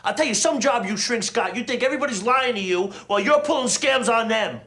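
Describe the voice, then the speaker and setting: A furious, foul-mouthed mob boss. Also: male voice, very high-pitched, animated, fast, fairly bright tone, heavily acted. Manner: angry, profane, contemptuous. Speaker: patient in therapy.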